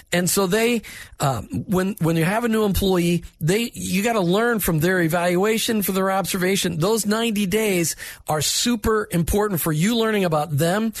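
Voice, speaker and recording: A man with a notably high voice talks through workplace advice in a direct, plainspoken way. The recording is dry and close, with no room sound around him. He sounds instructive and conversational, like a manager coaching other managers. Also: no room sound.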